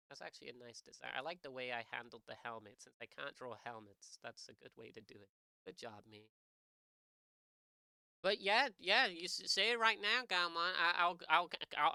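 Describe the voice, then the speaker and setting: A man's voice: fairly high pitch, pushed and bright, clean tone, dry recording, studio quality. A young man chatting on his live art stream, rambling and joking with lots of swearing and false starts. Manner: rambling, profane, joking, many restarts. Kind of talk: casual live-stream chat.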